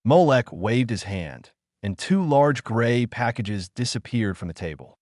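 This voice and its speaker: A man's voice: mid-range voice, lively intonation, a little slow, few pauses, darkish tone, no room sound, studio quality. A man narrating an audiobook of a translated novel in a plain reading manner.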